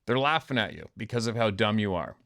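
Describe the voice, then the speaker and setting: A man's voice: fairly low pitch, animated, fast, creaky, a bit bright. A man hosting his own show, delivering an angry, profane monologue rant full of sarcasm and scorn. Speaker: host.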